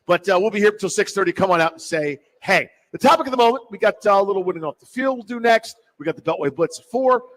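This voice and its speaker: Give me a high-voiced man hosting a sports talk radio show with jokey, animated storytelling. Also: quick pace, few pauses, poor audio.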